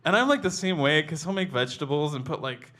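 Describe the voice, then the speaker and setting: Man telling a memoir story, fairly high. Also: lively intonation, fast talker, sharp tone. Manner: casual, conversational, with frequent "like" and restarts.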